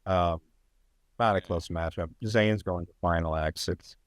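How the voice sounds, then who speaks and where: Low-voiced male podcast host, casual and sarcastic, rambling delivery, dry close sound. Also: steady tone, unhurried, no echo. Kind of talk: casual sports chat.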